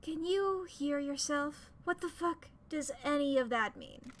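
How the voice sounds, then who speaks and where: A sarcastic, irritable prisoner, as a woman streamer reads him out snaps back with swearing. The voice stays high. A faint noise runs underneath. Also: expressive, measured pace, a bit bright. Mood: incredulous. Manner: brash, snapping, swearing. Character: gruff jailed man, irritable and sarcastic.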